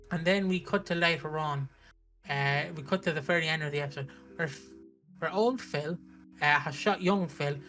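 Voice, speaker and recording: A British man recapping a soap opera on a stream in a casual, animated way, with frequent restarts. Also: fairly high pitch. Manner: animated storytelling, acts out characters' lines, frequent restarts.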